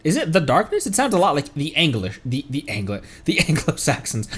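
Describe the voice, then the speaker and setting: A man's voice: mid-range voice, sing-song, a little fast, a bit bright. A man live-streaming a game in casual commentary, goofy and jokey, laughing at his own puns and reading in-game lore aloud.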